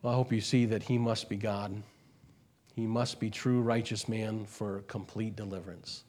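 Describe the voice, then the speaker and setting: A man preaching a sermon, swinging between quiet and loud and slowing on key words, repeating phrases for emphasis. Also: fairly low pitch, flat delivery. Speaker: pastor.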